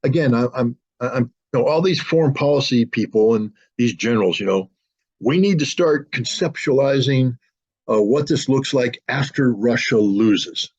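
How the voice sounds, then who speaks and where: A man's voice: mid-range voice, moderate pace, a little mellow, slightly rough. A man speaking as an interview guest, blunt and emphatic, often restarting his sentences. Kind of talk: political interview talk. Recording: dull lo-fi audio.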